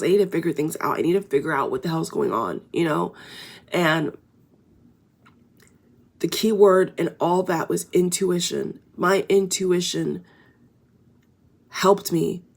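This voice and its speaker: A woman talking straight to her viewers in a casual spiritual vlog, earnest and emphatic, with filler words and swearing. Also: fairly low pitch. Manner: earnest and emphatic, addresses viewers as guys, frequent you know and swearing. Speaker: spiritual vlogger. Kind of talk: casual direct-to-camera monologue.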